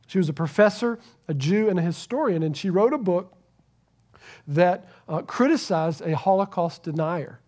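A man preaching a sermon to a church congregation, earnest, swinging between loud emphasis and hushed, near-whispered lines. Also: high voice, lively intonation, moderate pace. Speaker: pastor.

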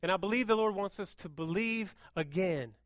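A man preaching a sermon as pastor, moving between hushed, intense passages and loud, fervent appeals. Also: high voice, normal speed, dry recording, studio quality.

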